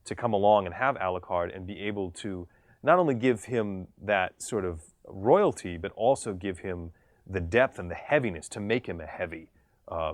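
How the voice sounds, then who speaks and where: A voice actor from the United States with a mid-Atlantic accent, speaking in an articulate, measured and slightly elevated way in an interview. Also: male voice, low voice, no room sound.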